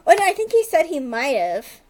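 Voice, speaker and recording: A woman with a high, bright-sitting voice chats casually as a podcast co-host. She tells the story in a loose, rambling way, stringing events together with "like" and quick asides. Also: big pitch swings. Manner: rambling retelling, heavy use of "like", quick asides. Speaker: podcast co-host recapping a TV episode. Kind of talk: casual chat.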